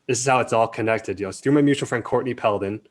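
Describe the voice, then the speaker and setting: A man being interviewed as a film director, talking casually and acting out quotes in animated stories. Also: mid-range voice, racing. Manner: animated storyteller, acts out quotes.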